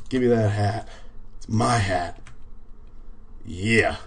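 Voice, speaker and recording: Laid-back male streamer, lowish voice, drawls through live game commentary with frequent swearing. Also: animated, takes it slowly, gravelly, long pauses, breathy edge. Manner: laid-back, swears and laughs easily, talks to viewers. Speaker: livestreamer playing a game. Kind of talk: casual live gaming commentary.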